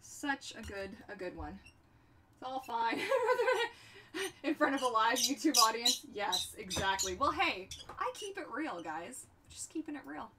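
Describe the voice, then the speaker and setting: A woman's voice: fairly high pitch, expressive, a little slow, recorded from a distance, crowd noise. A young woman hosting a livestream, chatting in a bubbly, goofy way and talking to her pets. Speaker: livestream host. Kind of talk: casual chat while crafting on a livestream.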